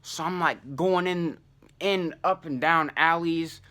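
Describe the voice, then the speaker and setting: A young channel host tells the camera about a personal misadventure, using loose, profane slang and throwing in asides. His slightly high voice is bright and punchy, and he speaks slowly but animatedly, with plenty of fillers.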